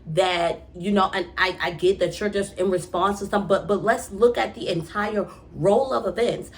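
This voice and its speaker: A young woman hosting a TV recap vlog, talking in a casual, exasperated and animated way with many restarts. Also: mid-range voice, normal speed. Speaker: TV recap vlogger. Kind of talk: casual rambling recap monologue.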